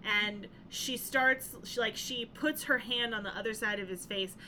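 A woman co-hosting a casual movie podcast, recounting scenes with dry, deadpan asides. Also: unhurried, a little hiss or hum. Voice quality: short. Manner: dry, deadpan asides, drops low and quiet. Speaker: podcast co-host. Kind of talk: casual chat reviewing a movie.

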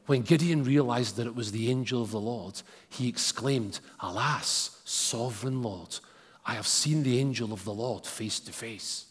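A man's voice: mid-range voice, unhurried, slightly rough. A man preaching a sermon and reading scripture aloud, with casual asides to the congregation. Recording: long hall reverb.

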